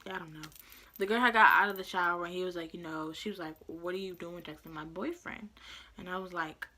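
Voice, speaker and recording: A young woman vlogger telling a story in a casual, slangy, animated way, often breaking into laughter. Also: lowish voice, brisk.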